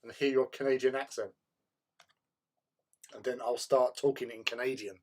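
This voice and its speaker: A man hosting a casual hobby livestream, chatting in a relaxed way and answering viewers' chat while he paints. He often repeats words as he thinks. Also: mid-range voice, normal speed, a little hiss or hum. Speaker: livestream host.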